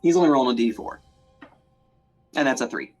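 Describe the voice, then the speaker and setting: A man's voice: medium pitch, animated, a little fast, faint music behind. A man running a tabletop game as game master, narrating in a playful, chatty way with lots of fillers.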